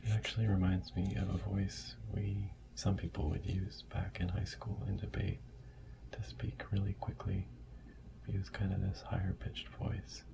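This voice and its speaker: A man reads a book aloud in a soft-spoken ASMR style, keeping his voice hushed and often close to a whisper. His tone sits low with a gravelly edge and barely rises or falls. A steady hiss runs underneath the recording. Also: moderate pace. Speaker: ASMR storyteller.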